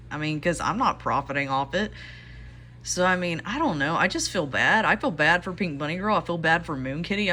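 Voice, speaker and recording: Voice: mid-range voice, bright, forceful tone, slight background noise. A young adult YouTuber and custom figure maker in a rambling, frustrated vlog rant to viewers. The speaker is close to tears, and the voice rises as they talk. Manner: rambling, frustrated, many fillers.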